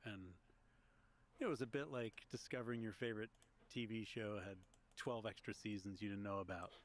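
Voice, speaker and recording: A man speaking low-voiced podcaster from Long Island. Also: steady tone, normal speed. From Long Island, United States. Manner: storytelling, reflective, with small restarts. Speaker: guest, history podcaster and author. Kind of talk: conversational interview.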